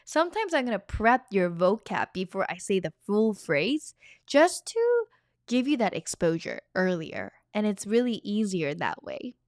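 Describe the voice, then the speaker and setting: A woman's voice: mid-range voice, big pitch swings, a little slow, no room sound, clean studio sound. A woman teaching a language shadowing lesson, modeling phrases with exaggerated intonation.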